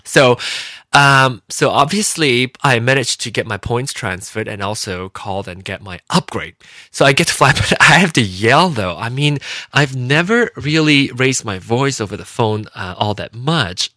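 Animated, rambling man telling a story. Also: mid-range voice, normal speed, no room sound, clean studio sound. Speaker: vlogger. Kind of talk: casual monologue. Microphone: home microphone with compressor.

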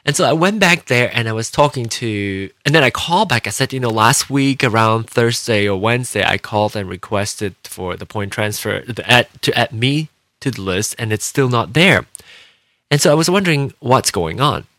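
A man's voice: mid-range voice, expressive, normal speed, fairly bright tone, dry recording, clean studio sound. A man from Taiwan telling a rambling story in a casual monologue into a home microphone. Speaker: vlogger. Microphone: home microphone with compressor.

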